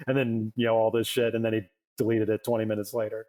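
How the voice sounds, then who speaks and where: A man's voice: medium pitch, level tone, a little fast, few pauses, darkish tone. A man co-hosting a sports podcast in casual chat, rambling with lots of fillers and restarts. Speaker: podcast co-host.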